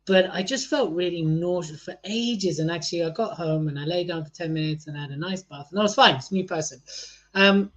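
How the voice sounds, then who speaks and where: Jokey man with a high voice. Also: a little fast, lo-fi sound. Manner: jokey and energetic, laughs often. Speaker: podcast co-host. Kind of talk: casual chat.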